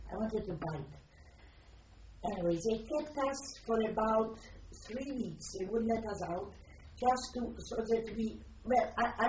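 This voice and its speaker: An older woman from Poland, giving personal testimony in a reflective, halting way as she searches for words. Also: medium pitch, dark tone, a little hiss or hum. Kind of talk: personal testimony, recalled aloud. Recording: distant roomy lo-fi recording.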